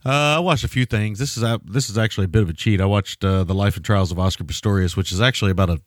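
A man co-hosting a podcast, talking in a laid-back, measured way. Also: on the low side, dry recording, studio quality. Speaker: podcast co-host. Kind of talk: casual chat.

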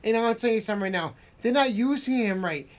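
A man's voice: sits high, expressive, fast. A man giving opinions in a casual podcast chat, often asking "you know what I mean". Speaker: podcast co-host.

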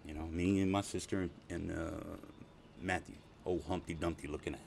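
A man's voice: sits low, steady tone, moderate pace, creaky, darkish tone, a little hiss or hum. A middle-aged man telling casual, profane stories, rambling and laughing often. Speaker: storyteller. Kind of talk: casual spoken storytelling.

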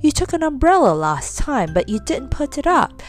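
A woman's voice: sits high, very animated, moderate pace, faint music behind, voice pushed up. A woman voicing a stern, fussy aunt who scolds firmly, in a read-aloud children's story. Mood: angry scolding. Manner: firm, scolding.

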